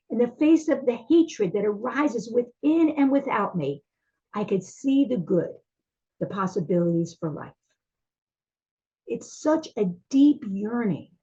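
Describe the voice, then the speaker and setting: A woman's voice: fairly high pitch, mellow, highs cut off. A woman teaching a class, talking in a heartfelt, searching way with many fillers and restarts.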